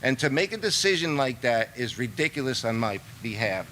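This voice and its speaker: A man's voice: medium pitch, big pitch swings, brisk, noisy background. A young adult man making an agitated, rambling complaint during public comment at a meeting.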